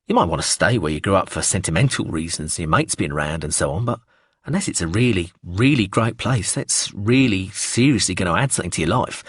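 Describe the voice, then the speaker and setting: A man's voice: sits low, expressive, fairly quick, slightly rough, no room sound, clean studio sound. A man reading as a swaggering sweary hustler. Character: cocky, foul-mouthed northern-born male hustler in London. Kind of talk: audiobook character reading.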